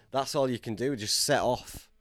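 With a measured pace and a mid-range, slightly bright voice, this British man hosts a podcast full of relaxed banter. "Mate" crops up often in the casual chat, captured in a dry, studio-quality recording.

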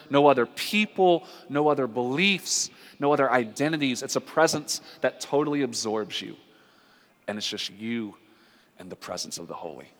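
A man preaching a sermon as a pastor, earnest and conversational, with drawn-out dramatic pauses. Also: on the high side, fairly bright tone. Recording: long hall reverb.

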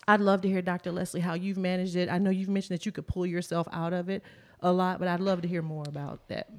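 A woman's voice: on the low side, level tone, quick pace. A middle-aged woman speaking as a panelist in a candid discussion, emphatic and emotional as she gives advice.

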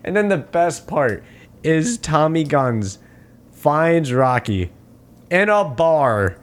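Animated man recapping with lively pitch. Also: takes it slowly. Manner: animated storytelling, acting out quotes in voices, laughing often; profane, slangy. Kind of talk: casual movie recap chat.

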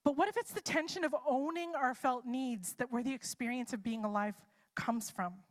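A woman's voice: high voice, moderate pace. A woman preacher giving a live sermon in a casual, chatty way, posing many rhetorical what-if questions.

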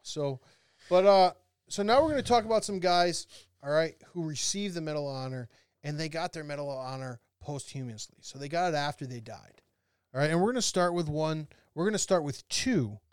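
A man in his forties tells Army stories on a casual podcast. His voice sits a little high and comes through smooth and clean. He swears freely and laughs often as he talks. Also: fairly quick, no echo, studio quality. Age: 40s. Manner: animated storyteller, profane, laughs often. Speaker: podcast co-host, former Army officer.

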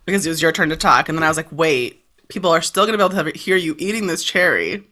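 A woman co-hosting a casual podcast chat, animated, quick to laugh and swearing freely. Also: low voice. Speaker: podcast co-host asking questions.

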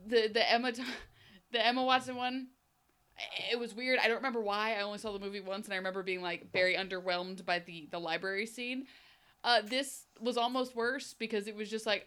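Animated sarcastic woman, bright voice. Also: medium pitch, moderate pace. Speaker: podcast co-host. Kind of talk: casual chat.

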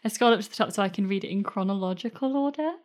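A woman's voice: medium pitch, rapid-fire. A woman playing a character in a tabletop game, talking casually and a little hesitantly. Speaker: player. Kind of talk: tabletop role-play chat.

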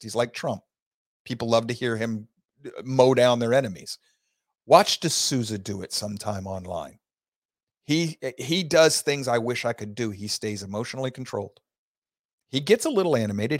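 A man hosting an opinionated talk show. He reads news aloud and breaks into heated, loud rants. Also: mid-range voice, dry recording, clean studio sound. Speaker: host.

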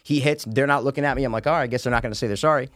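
A young man telling a story in casual chat, swearing freely and acting out the shouted lines at a raised volume. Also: medium pitch, steady tone, very fast, no echo, studio quality. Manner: profane, acts out quotes loudly with a raised voice.

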